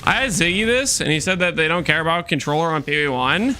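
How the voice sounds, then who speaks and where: Streamer guy joking with chat, a bit high-pitched, walking on a treadmill. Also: fast, sharp tone, a little hiss or hum. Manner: chatty, joking, reacting to chat; talks while walking on a treadmill. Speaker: game streamer. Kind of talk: casual live-stream chat.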